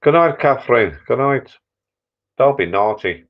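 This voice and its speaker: A middle-aged man with a medium-pitched voice talks animatedly but a little slowly during a live stream. Sitting in his backyard shed bar, a small indoor room, he's tired and has had a few beers, rambling casually with mild swearing over dull lo-fi audio.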